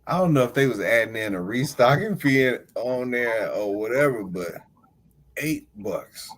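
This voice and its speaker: This man in his forties hosts a podcast, and his mid-range voice moves at a normal speed over a rough recording. He chats casually and tells stories with lots of energy, often laughing and impersonating the callers.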